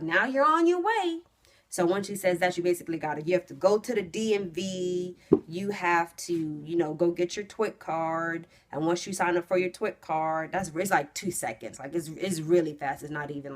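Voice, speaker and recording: A young woman vlogging to camera, telling a story in a casual, animated way that jumps into loud, high re-enactments and drops to hushed asides. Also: brisk. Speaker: trucking vlogger.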